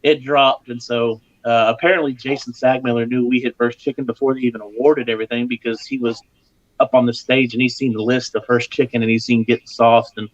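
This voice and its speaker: A man serving as guest pitmaster on a live show tells an animated, easygoing story, going higher in pitch when voicing other people. His pace is fairly quick and the audio is lo-fi.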